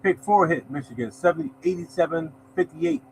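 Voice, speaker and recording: A man runs a casual live lottery show, slightly high-voiced and loose in tone. He keeps up a friendly running chatter, greeting viewers and saying "y'all" often. A faint background hiss sits under his voice. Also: lively intonation, a little fast, low-quality recording. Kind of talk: casual live-stream chat, reading results.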